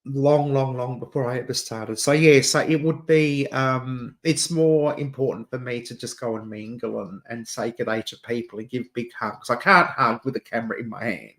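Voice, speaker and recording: A man's voice: medium pitch, normal speed, hardly any pauses, fairly bright tone. A man with an Adelaide Australian accent, hosting a casual livestream chat, chatty and camp, laughing often and calling listeners dear. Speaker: channel host.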